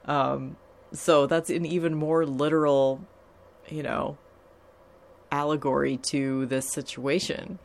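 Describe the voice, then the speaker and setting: A young woman talking casually and candidly about a TV show, swearing freely. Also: low voice. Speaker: TV episode recapper. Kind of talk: casual chat.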